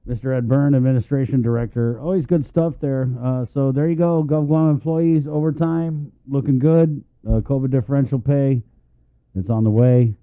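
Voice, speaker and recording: A man's voice: medium pitch, steady tone, moderate pace, clear, resonant tone. A man hosts a radio talk show in a loose, joking way, laughing often as he chats. His voice is thin and narrow, as if coming through a phone line. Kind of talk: casual radio chat.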